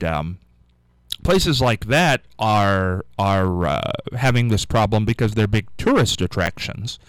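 A man hosting a call-in radio talk show, musing out loud in a rambling way and repeating the phone number for callers. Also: fairly low pitch, smooth, no echo, low-quality recording.

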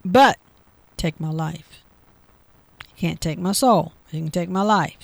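A woman's voice: on the low side, unhurried, vocal fry, no room sound. A woman giving a devotional talk, reading Bible verses aloud and then explaining them with repeated phrases. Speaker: Bible teacher.

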